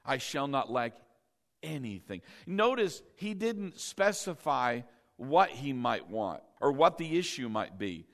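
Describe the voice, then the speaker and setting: A middle-aged man preaching a sermon as pastor, calling the congregation to repeat words back and swinging between loud and soft. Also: mid-range voice, sing-song, slow.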